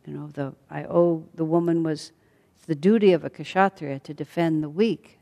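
A woman teacher retelling a story in a calm, reflective way with soft fillers. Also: sits low, normal speed, vocal fry. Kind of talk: storytelling lesson. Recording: long hall reverb.

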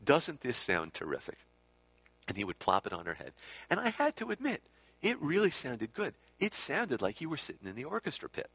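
Husky man telling a rambling story. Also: a little high, huge pitch swings, brisk, a bit bright, no echo. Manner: rambling, self-correcting, with many asides. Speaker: speaker recalling time with a spiritual teacher. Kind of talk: casual anecdotal storytelling. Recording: dull lo-fi recording.

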